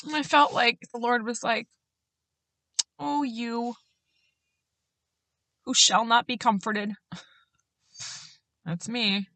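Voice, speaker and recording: A woman host telling a personal faith story in an earnest way, getting animated when she quotes others and laughing at herself. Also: fairly high pitch, drawn-out words, long pauses, dry recording. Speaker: podcast host.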